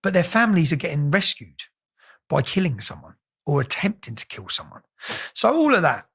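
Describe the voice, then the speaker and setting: A middle-aged English man telling stories casually as an interview guest, animated and swearing freely. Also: a little high, normal speed, gravelly, slightly rough. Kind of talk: casual storytelling.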